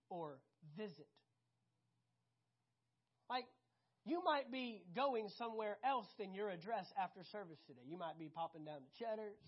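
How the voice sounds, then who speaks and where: A woman preaching a sermon, animated and conversational, often asking the congregation questions. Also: medium pitch, breathy edge, lo-fi sound.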